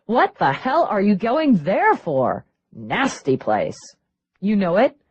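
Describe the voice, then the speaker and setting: A woman's voice: medium pitch, breathy edge, lo-fi sound, full character voice. A woman reading an audiobook, voicing a bubbly, brash young woman who used to run cons. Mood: brash, upbeat. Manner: excited, brash, quick. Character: bubbly young female ex-grifter performer, brash.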